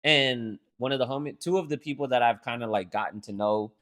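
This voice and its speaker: A man's voice: medium pitch, brisk, bright, forceful tone. A man co-hosting a podcast, chatting loosely, full of fillers and swearing. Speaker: podcast co-host. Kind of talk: casual chat.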